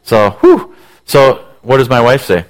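A man's voice: mid-range voice, huge pitch swings, a little slow. A man in his forties, a pastor telling a self-mocking story in a sermon, acting out voices with lots of energy.

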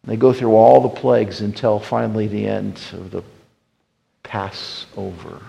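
A man preaching a sermon as pastor, swinging from loud emphatic bursts to hushed, quiet passages. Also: fairly low pitch, unhurried, creaky, poor audio.

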